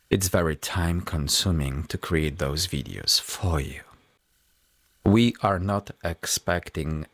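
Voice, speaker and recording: A man hosting a music production tutorial, explaining each step in a measured, methodical way. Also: low voice, a bit bright, no room sound. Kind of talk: tutorial walkthrough.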